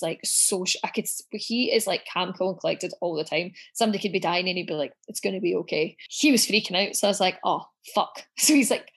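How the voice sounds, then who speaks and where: Frank, sweary woman telling her story. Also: mid-range voice. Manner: frank, sweary, acts out quoted dialogue. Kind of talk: candid personal storytelling.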